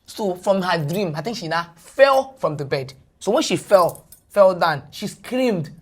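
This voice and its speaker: A Nigerian woman, a guest on a podcast, retelling a personal story in animated English mixed with Pidgin. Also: on the low side, unhurried, husky.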